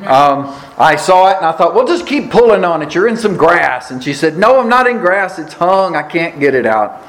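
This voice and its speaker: A high-voiced man preaches a sermon, spinning a folksy story with long, drawn-out pauses. His voice carries through an echoey church room over a faint hum of ambience.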